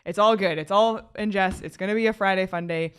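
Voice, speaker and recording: A woman's voice: medium pitch, brisk, clean tone. A young woman hosting a sports podcast in an upbeat, easygoing way, welcoming listeners and introducing topics. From United States. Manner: upbeat, easygoing, reading notes aloud. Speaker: podcast host.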